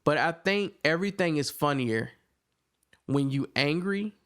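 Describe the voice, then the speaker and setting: A man co-hosting a podcast, casually recapping an episode and jumping up in pitch when he acts out the characters' lines. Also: measured pace. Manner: animated retelling, acts out characters' lines in a raised voice. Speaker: podcast co-host reviewing a TV episode. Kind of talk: casual chat, recapping scenes.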